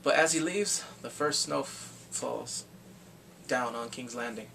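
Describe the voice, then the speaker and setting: A man giving an excited, casual recap of a TV episode, often breaking into loud whoops and shouts. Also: mid-range voice, measured pace, creaky. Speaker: TV show reviewer. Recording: distant mic, faint background hiss.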